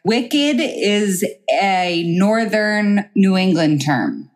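A woman's voice: medium pitch, very animated, very slow. A woman from Montauk co-hosting a podcast, frank and blunt in casual chat. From Montauk, New York. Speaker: podcast co-host.

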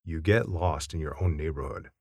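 A man voicing a deadpan middle-aged father who answers flatly and quietly, in a story reading. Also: normal speed, vocal fry, dry recording, clean studio sound, heavily acted. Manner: flat, deadpan, low and quiet.

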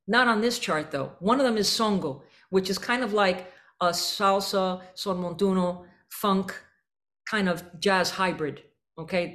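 A woman coaching a student band in a rehearsal room. She explains articulations with vivid images and sings short syllables to show the sound she wants. Her voice sits in a middle pitch. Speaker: band clinician.

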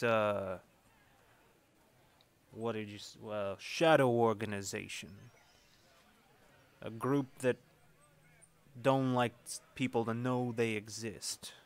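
Man playing a slow, halting frontier informant. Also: mid-range voice, smooth, close to an everyday voice.

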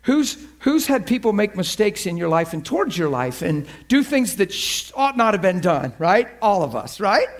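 A man's voice: sits high, very animated, normal speed, hardly any pauses. A male preacher giving a sermon, often repeating words and checking in with his listeners.

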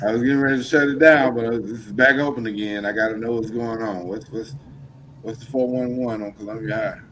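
A man's voice: fairly low pitch, fairly even intonation, a little fast, fairly bright tone, rough recording. Man, co-host, casual chat, teasing, playful, faint background noise.

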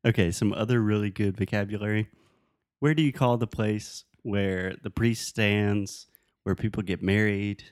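Low-voiced guy teaching english words on a podcast, patient, dry close sound. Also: fairly even intonation, moderate pace, dry recording. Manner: patient, corrects pronunciation. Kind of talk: casual conversational English lesson.

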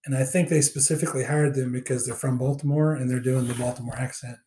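A man's voice: mid-range voice, steady tone, fast, dark tone. A man hosting a podcast in a casual, rambling chat full of fillers. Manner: rambling, many fillers and restarts. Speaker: podcast host.

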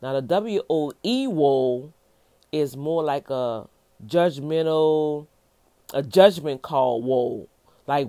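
Slow-talking low-voiced woman minister. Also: animated, mellow, no echo. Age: 50s. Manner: emphatic, folksy, repeats words for stress. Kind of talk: informal devotional teaching.

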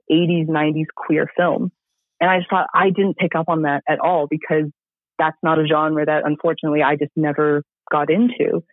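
A man's voice: fairly high pitch, dry recording. A man reviewing a film in casual podcast chat, enthusiastic and rambling with many fillers. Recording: tinny phone-like line.

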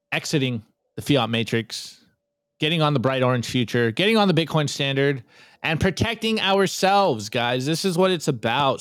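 A man hosting a podcast, reviewing memes in casual, energetic chat and often repeating words as he starts sentences. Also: medium pitch, dry recording, studio quality. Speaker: podcast host.

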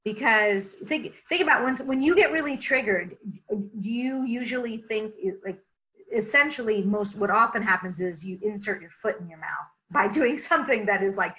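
A woman's voice: medium pitch, normal speed, poor audio. A woman leadership coach answering interview questions, explaining energetically and often checking in with "right?". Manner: energetic, lots of "right?" asides.

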